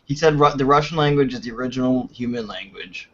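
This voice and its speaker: A man's voice: mid-range voice, fast talker. Easygoing man, muffled stream audio. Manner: easygoing, amused. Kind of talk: casual chat.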